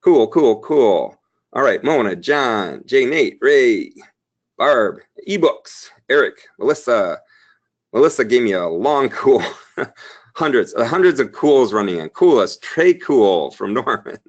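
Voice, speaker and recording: A man in his thirties hosting a live sales webinar, upbeat and chatty, talking to the viewers in the chat while he demos software. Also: medium pitch, big pitch swings, slow, highs cut off. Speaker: webinar host.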